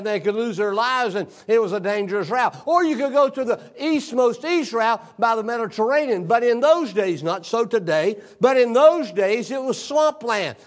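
This may be an older man pastoring a congregation, delivering a sermon built around a personal story. He reads scripture aloud and sinks to a quiet, low tone to stress key points.

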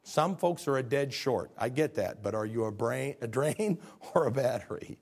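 Gravelly storytelling preacher man. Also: medium pitch, animated, normal speed. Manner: storytelling preacher, rising to fervent peaks. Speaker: pastor. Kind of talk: sermon.

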